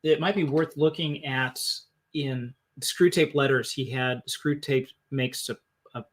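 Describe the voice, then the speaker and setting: A man's voice: medium pitch, steady tone, unhurried. A man hosting a live-stream film discussion, thinking aloud and often restarting his sentences. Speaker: host.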